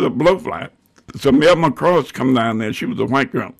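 An older man with a gravelly voice tells bawdy tales as a guest musician. His pitch moves a lot, rising and falling as he talks. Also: lively intonation, moderate pace. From Georgia, US. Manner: bawdy, growly storyteller. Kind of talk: storytelling interview.

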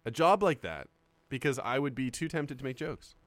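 A man's voice: mid-range voice, expressive, a bit bright, no echo. A young man co-hosting a comedy podcast, teasing and joking in casual banter. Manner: playful, teasing, quick jokes.

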